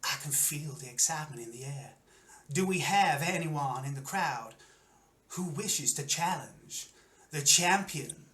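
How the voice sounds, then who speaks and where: A man voicing a theatrical male carnival arena announcer with booming showman patter. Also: animated, unhurried, bright, forceful tone.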